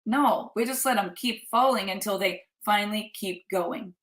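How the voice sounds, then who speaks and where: A middle-aged woman speaks as a life coach in an earnest, emphatic motivational talk, pressing her points home through repetition. Her voice sits at a middle pitch. It echoes around a roomy space. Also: normal speed, fairly bright tone. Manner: earnest, emphatic, repeats for effect.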